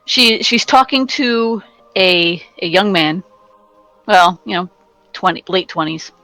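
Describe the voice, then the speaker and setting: A woman narrating a tabletop game as game master, casual and halting. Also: lowish voice, animated, sharp tone, no room sound, faint music behind, poor audio.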